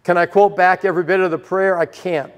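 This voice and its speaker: An older male pastor delivers a sermon in a high voice, earnest and emphatic. His pitch jumps sharply when he presses a point. The sound carries the long reverb of a large hall. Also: fairly even intonation, fairly quick. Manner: earnest, emphatic preaching with sudden rises in pitch.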